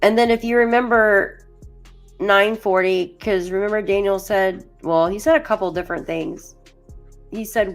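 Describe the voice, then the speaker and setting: A woman's voice: medium pitch, fairly even intonation, moderate pace, soft background music. A woman hosting a casual true crime livestream, rambling chattily with lots of "like" as she talks to viewers by name and reads through case documents. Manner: chatty and rambling, heavy use of "like"; addresses chat viewers by name.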